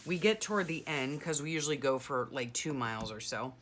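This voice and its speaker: A woman's voice: a bass voice, lively intonation, fairly quick, a little hiss or hum. A middle-aged woman chatting casually and rambling through a story, full of "you know" and "like", as a journaling vlogger.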